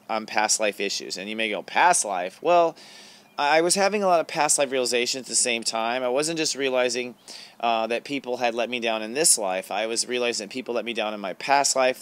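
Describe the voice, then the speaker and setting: A man's voice: medium pitch, fairly bright tone, clear, resonant tone. A middle-aged man hosting an astrology show, talking casually and confessionally to camera, with frequent fillers and laughs. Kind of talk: casual spiritual talk to camera.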